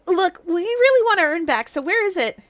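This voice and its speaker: A woman's voice: extremely high pitch, sing-song, brisk, fairly bright tone, voice pushed up, full character voice. Woman reading an earnest puzzled young man. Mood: firm. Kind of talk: reading game dialogue aloud.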